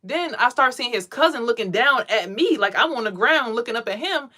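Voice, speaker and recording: A woman's voice: fairly high pitch, animated, brisk, sharp tone. A woman and mother talking to camera in a rambling, profane, streetwise way about meditation and energy. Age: adult parent. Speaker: spiritual vlogger. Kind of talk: casual spiritual monologue.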